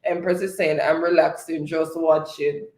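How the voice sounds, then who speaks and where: A man hosting a live stream, reading viewers' chat comments aloud in a relaxed way and often laughing. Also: fairly high pitch, moderate pace. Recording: echoey room.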